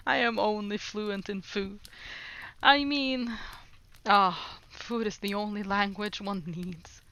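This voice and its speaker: Slowly and with fairly even intonation, this Norwegian livestreamer chats with viewers while playing a language app, giggling and making fun of herself. Her mid-range voice sounds bright and forceful in a dry recording.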